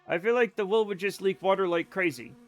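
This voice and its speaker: A man's voice: high-pitched, fairly quick. A man streaming a game live, rambling casually to his chat in a self-amused way.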